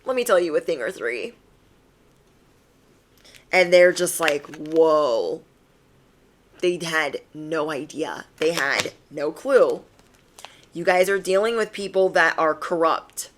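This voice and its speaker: A woman's voice: low-pitched, a little slow, long pauses, a bit bright, a little hiss or hum. A young adult woman giving a casual, encouraging tarot reading to camera, emphatic and repeating phrases. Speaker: tarot reader.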